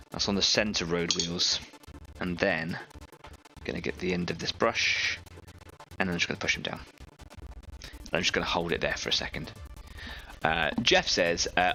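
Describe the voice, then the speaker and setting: A man's voice: low voice, bright, forceful tone. A man hosting an online painting stream, chatting casually and explaining each step while he works on a model. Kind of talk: casual chat while working.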